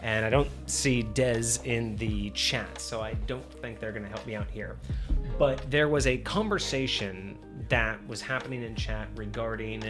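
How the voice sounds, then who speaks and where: Man host, mid pitch, loose rambling delivery full of "like" fillers, chill music under him. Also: measured pace. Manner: rambling, heavy use of "like" and restarts. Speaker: host of a tabletop gaming stream. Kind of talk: casual livestream chat.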